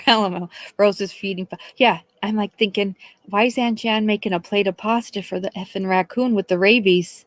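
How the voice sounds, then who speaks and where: A woman's voice: medium pitch, steady tone, normal speed, dry recording. A middle-aged woman telling a long, chatty story on a live stream, swearing and laughing, and acting out the people she quotes. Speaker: host.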